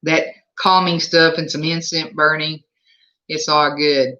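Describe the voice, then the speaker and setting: This is a livestream host with a Southern US accent, talking casually from home. The voice sounds bright and forceful, and it moves from one viewer comment to the next in easy chatter. The audio is a little muffled and lo-fi. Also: mid-range voice, level tone, a little slow. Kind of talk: casual live chat. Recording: slightly dull lo-fi sound.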